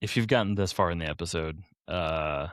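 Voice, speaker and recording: A man's voice: sits low, fairly quick, fairly bright tone, no room sound, clean studio sound. A man co-hosting a comic book podcast in casual chat, reacting with wry disbelief. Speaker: podcast co-host.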